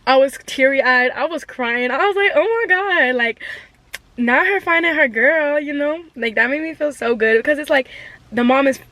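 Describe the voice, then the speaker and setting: High-voiced young woman gushing to camera. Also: normal speed, sharp tone, no echo. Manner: chatty and gushing, heavy with slang. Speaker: vlogger. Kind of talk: casual chat to camera.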